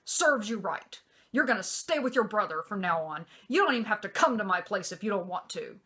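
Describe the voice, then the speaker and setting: A woman quoting her ex-husband as a curt, cold father, scolding in a louder voice. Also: medium pitch, very animated, fairly quick. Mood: harsh.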